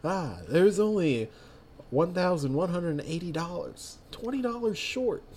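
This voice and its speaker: A man's voice: high-pitched, animated, a little slow, a little mellow, slight background noise, pitched above the performer's own voice. A man voicing a curt, dismissive male race clerk in a slightly raised, clipped voice.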